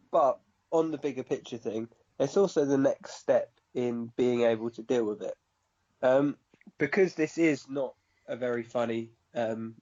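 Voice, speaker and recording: A man hosting a podcast, talking in a measured, hesitant way with many ums. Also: medium pitch, darkish tone. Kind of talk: casual chat. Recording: dull lo-fi podcast audio.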